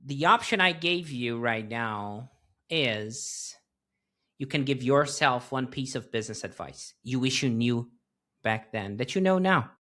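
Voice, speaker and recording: Bright, playful man hosting. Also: medium pitch, expressive, measured pace. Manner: playful, joking. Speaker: podcast host. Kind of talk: casual interview chat.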